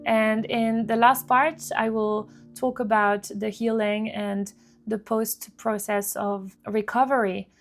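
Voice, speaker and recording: A woman speaks to camera about her own past, earnest and halting, repeating words as she goes. Her voice sits a little high with a gravelly edge. Soft guitar music plays faintly beneath her. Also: little pitch movement. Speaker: vlogger sharing personal story. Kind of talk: emotional personal storytelling to camera.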